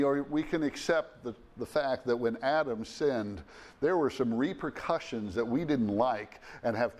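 A man's voice: mid-range voice, darkish tone. A middle-aged or older man preaching a sermon in an earnest manner, with fillers and restarts, his voice rising to stress key phrases.

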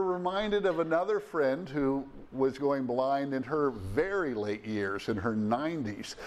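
A man of middle age or older delivers a sermon at a medium pitch. He speaks earnestly, pausing with fillers and restarts. He lifts his voice to stress the points that matter. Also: expressive, a little mellow, slight background noise. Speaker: preacher.

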